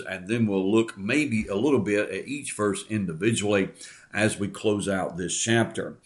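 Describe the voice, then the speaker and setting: A man preaching a sermon, reading Scripture and explaining it in a measured, earnest way with frequent fillers. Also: on the low side.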